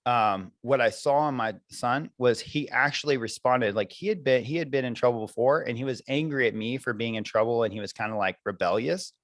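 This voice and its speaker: A man's voice: mid-range voice, brisk, hardly any pauses, a bit bright, dry recording. A man who coaches parents, talking earnestly and reflectively in a podcast conversation, with many fillers.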